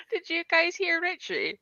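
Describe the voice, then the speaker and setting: A Scottish woman chatting on a livestream, animated and quick to laugh and react. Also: extremely high pitch, vocal fry, dull audio. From Scotland. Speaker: livestream co-host. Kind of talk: casual group chat on a livestream.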